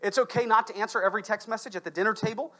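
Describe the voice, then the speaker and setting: A pastor preaching to his congregation in church, conversational with asides to listeners, swinging between loud emphatic bursts and quiet low stretches. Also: steady tone, rapid-fire. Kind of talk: sermon. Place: church sanctuary.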